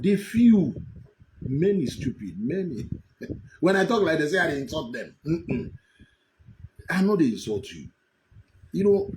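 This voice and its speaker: Animated mocking Nigerian man. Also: fairly high pitch, slight background noise, low-quality recording. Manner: mocking, laughs often, breaks into shouting. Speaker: political commentary host. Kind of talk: animated live commentary.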